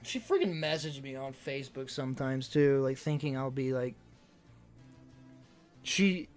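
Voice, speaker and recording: A man's voice: mid-range voice, expressive, unhurried, soft background music. A man livestreamer chatting casually to his audience, telling stories in a blunt, rambling way. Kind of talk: casual chat to a live stream audience.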